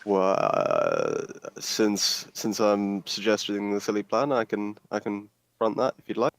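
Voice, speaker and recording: Man, tabletop player, hesitant, stops and starts, lowish voice, very lively intonation. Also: unhurried, vocal fry, low-quality recording. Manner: hesitant, lots of "uh"s. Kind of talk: casual tabletop play.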